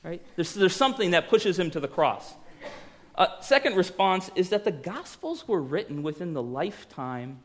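A man preaching a sermon, animated, dropping to hushed tones for emphasis and acting out quoted voices. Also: high voice, moderate pace. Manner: animated, swings between loud emphasis and hushed lines. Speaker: pastor.

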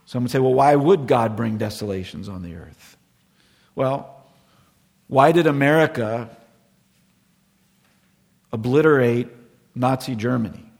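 A middle-aged man preaching a sermon as pastor, earnest and sometimes dropping to a hushed, solemn tone. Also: medium pitch, vocal fry, breathy edge, long reverb tail.

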